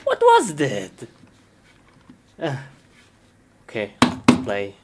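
A woman performing a comedic live-action skit, excitable and quick to exclaim and laugh, speaking simple English with non-native phrasing. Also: rumbling low, loud music behind the voice. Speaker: sketch performer.

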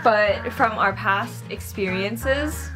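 A woman's voice: mid-range voice, slow, over music. A young woman hosting a casual vlog, chatty and often breaking into giggles. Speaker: vlog host. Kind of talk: casual chat.

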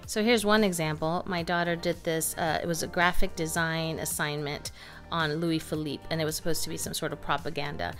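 A woman in her thirties with a fairly low voice, chatting about homeschool materials in a casual, lively way. She fills her talk with little ums and restarts, and faint music plays behind her. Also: fairly quick. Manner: chatty, lively, with frequent fillers. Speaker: homeschooling mom and channel co-host. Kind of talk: casual curriculum review chat.

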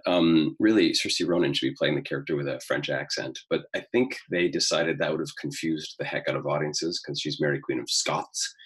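Husky low-voiced man teaching acting. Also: rough recording. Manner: talkative, explains at length with many fillers. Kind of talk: lecture on a film scene.

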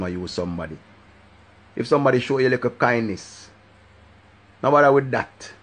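A man with a Jamaican accent, talking in patois on his live stream in an animated, sing-song way and often repeating a catchphrase. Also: lowish voice, slight background noise. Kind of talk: casual live-stream rant.

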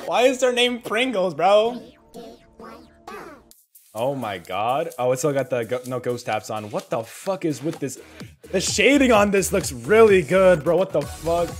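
A young man streams a game with a hoarse, worn-out voice that still jumps around with lively, swooping excitement. He swears and shouts his reactions, and the voice sits a bit high. Faint game music plays behind him. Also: measured pace. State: hoarse, tired voice. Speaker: gaming streamer. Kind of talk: excited gaming commentary.

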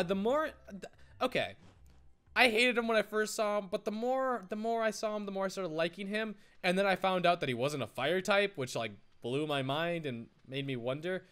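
A man giving casual, excitable let's-play commentary, rambling with frequent stammered restarts. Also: high-pitched. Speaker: gaming YouTuber.

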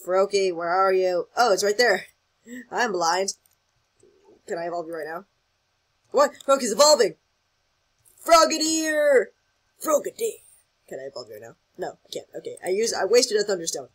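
Reacting to the game in real time, an excitable gaming channel host thinks out loud in loose, rambling commentary. The voice is mid-pitched, husky and breathy, with a brisk delivery captured in a rough recording.

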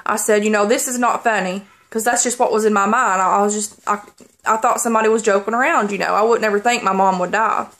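A woman vlogger holding back tears as she tells a personal story, halting and rambling with many pauses and restarts. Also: mid-range voice, fairly even intonation, a bit bright.

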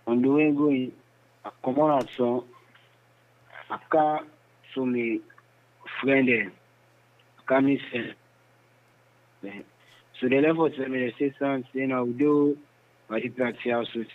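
A man with a Sierra Leonean Krio accent recounting events in a phone interview, in halting, repetitive speech. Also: medium pitch, steady tone. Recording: tinny phone line.

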